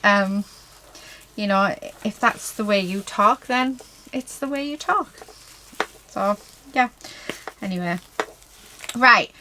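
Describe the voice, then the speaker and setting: A crafting vlogger paints a project at an indoor craft table, talking casually to herself and those watching. She speaks slowly in a mid-range voice with frequent pauses and a noisy background, filling her speech with "so yeah" and "um."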